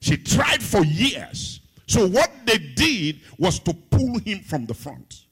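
Husky high-voiced preaching man. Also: huge pitch swings, slow. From Africa. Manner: dramatic preaching, swinging between loud sung phrases and hushed low asides. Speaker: pastor. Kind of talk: sermon.

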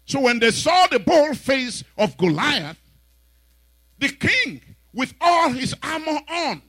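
High, animated preacher man. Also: slow, no room sound. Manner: dramatic storytelling, acting out characters, shouting peaks. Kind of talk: sermon.

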